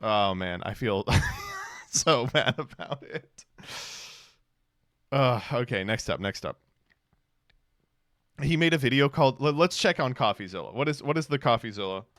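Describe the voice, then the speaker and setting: Sarcastic streamer man, lively voice. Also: mid-range voice, a little slow, long pauses, no room sound, studio quality. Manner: sarcastic, mocking impressions. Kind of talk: casual commentary.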